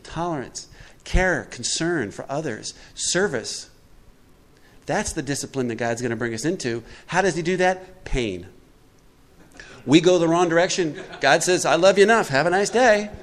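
A middle-aged man giving a twelve-step recovery talk to a group, conversational and emphatic, often putting questions to his listeners. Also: medium pitch.

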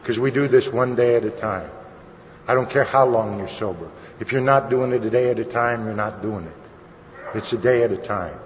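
Speaking at a moderate pace in a mid-range voice, a man shares his recovery story at a meeting, candid and conversational with a wry sense of humor. The hall's long reverb and faint noise color the lo-fi recording.

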